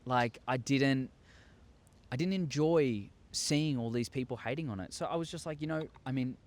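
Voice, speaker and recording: A young man telling a story to his viewers, excitable and acting out scenes with sound effects. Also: medium pitch, moderate pace. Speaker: YouTuber. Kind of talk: casual storytelling monologue.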